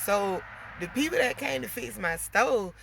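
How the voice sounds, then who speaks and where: Woman vlogger, gravelly and sharp-toned, chatty venting with plenty of cussing. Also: mid-range voice, expressive, a little slow, a little hiss or hum. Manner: chatty, swears freely, keeps addressing viewers as y'all. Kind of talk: casual venting to viewers.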